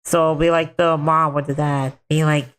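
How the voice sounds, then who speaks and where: A man's voice: on the high side, little pitch movement, moderate pace, fairly bright tone, smooth. A man streaming a game, chatting casually in a rambling way full of filler words. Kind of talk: casual chat while gaming.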